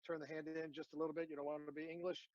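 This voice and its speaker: Earnest man, halting with fillers, casual interview talk, muffled lo-fi sound. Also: fairly high pitch, little pitch movement, a little mellow, no room sound. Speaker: veteran guest.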